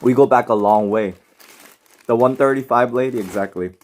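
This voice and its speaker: A man's voice: medium pitch, normal speed. A man chatting casually on a live stream while reading chat, rambling with lots of fillers. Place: home, in bed.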